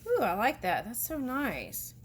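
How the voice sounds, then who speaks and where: A woman tarot reader gives a casual spiritual card reading in a slightly high, very animated but unhurried voice. She reads passages aloud and then chats about them, with frequent giggly asides, over slight background noise.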